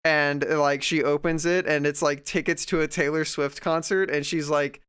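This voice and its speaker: A man's voice: fairly high pitch, fairly even intonation, moderate pace, hardly any pauses, fairly bright tone, clear, resonant tone. A young man streaming while drawing, chatting casually and ranting sarcastically at a desk microphone. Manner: sarcastic, ranting, mocking voices of others.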